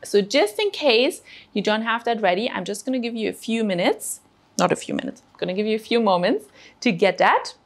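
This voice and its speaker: A woman's voice: mid-range voice, expressive, fairly quick. A woman presenting a children's cooking show, explaining food patiently and encouraging the kids step by step. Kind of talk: teaching children about food.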